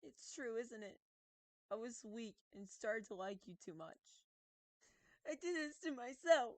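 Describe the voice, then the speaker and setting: A woman's voice: a little high, expressive, unhurried, no echo, voice pushed up. A woman voicing a distraught, clingy teenage schoolgirl, reading game dialogue aloud in a shaky, pleading, tearful way. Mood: despairing.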